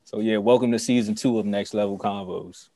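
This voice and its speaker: A man hosting a podcast in a casual, joking way, reading a sponsor spot and spelling things out slowly. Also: on the low side, steady tone, warm tone, no room sound. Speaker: podcast host. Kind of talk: casual podcast chat with an ad read.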